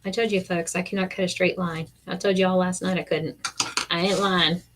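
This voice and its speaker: Middle-aged lady chatting while she crafts, lively storyteller, does all the voices. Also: lowish voice, brisk, noisy background. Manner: animated storyteller, acts out quotes. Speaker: craft live-stream host. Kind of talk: casual chat while crafting.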